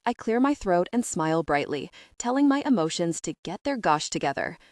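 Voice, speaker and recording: Low-voiced woman narrating an audiobook. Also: big pitch swings, a little fast, a little mellow, no echo, clean studio sound. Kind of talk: scripted first-person narration.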